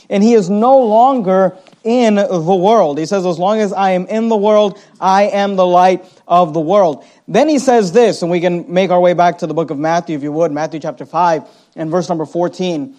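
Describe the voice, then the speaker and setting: A man preaching a sermon as pastor, reading scripture aloud and slowing down to stress key words. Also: high voice, a little mellow. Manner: reads scripture aloud, slows down for emphasis.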